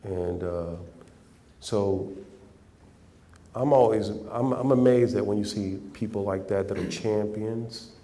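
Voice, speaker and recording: A man telling an animated story as an interview guest, acting out the other voices and breaking into laughter. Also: on the low side, slow, pauses often. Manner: animated anecdote with quoted voices, laughing, restarts.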